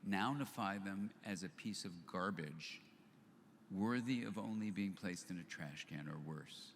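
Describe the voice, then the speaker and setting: An older man giving a live storytelling talk to an audience, animated as he acts out both sides of remembered conversations. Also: low voice, unhurried, a little hiss or hum. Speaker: speaker at a live book launch event. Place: event venue with audience. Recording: long hall reverb, faint ambience.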